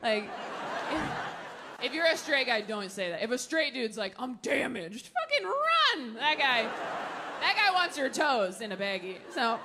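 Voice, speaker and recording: A woman's voice: on the high side, lively intonation, unhurried. A young woman from Los Angeles doing a stand-up set on a club stage, firing off self-mocking punchlines and stretching out quoted lines. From Los Angeles, United States. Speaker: stand-up comedian. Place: comedy club stage before a live audience. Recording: audience noise and laughter behind. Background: crowd laughter.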